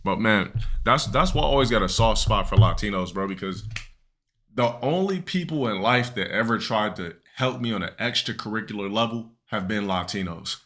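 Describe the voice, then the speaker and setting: A man's voice: on the low side, lively intonation, normal speed, fairly bright tone, a little hiss or hum. A young man streaming live, telling a long, rambling, profane story to his chat with many restarts and fillers.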